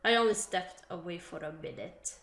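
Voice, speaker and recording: A woman's voice: fairly low pitch, lively intonation, normal speed, fairly bright tone, reverberant. A woman putting on a cocky female spy. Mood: boastful. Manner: boastful, defensive.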